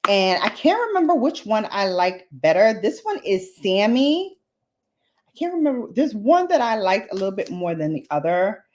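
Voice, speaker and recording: A woman's voice: mid-range voice, big pitch swings, moderate pace, few pauses. A woman vlogging a makeup demo in a chatty, playful way, full of slangy asides to her viewers. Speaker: beauty vlogger. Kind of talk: casual makeup demo chat.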